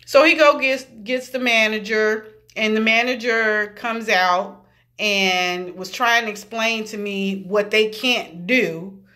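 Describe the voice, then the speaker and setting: A woman's voice: a little high, pushed and bright. A woman ranting heatedly about a bad customer service visit, swearing freely and acting out what each person said. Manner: heated, swearing freely, quoting people in voices. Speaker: vlogger. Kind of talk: angry storytelling rant.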